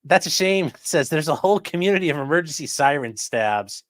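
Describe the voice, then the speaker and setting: A man's voice: fairly high pitch, animated, a little fast, fairly bright tone, dry recording, studio quality. A man hosting a casual livestream, chatting loosely and reading viewer comments aloud. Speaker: livestream host reading chat.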